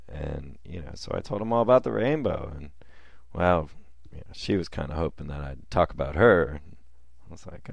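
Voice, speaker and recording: A man's voice: very deep voice, lively intonation, moderate pace, creaky, dry recording, lo-fi sound. A man telling a personal story in a casual, rambling way with fillers and chuckles.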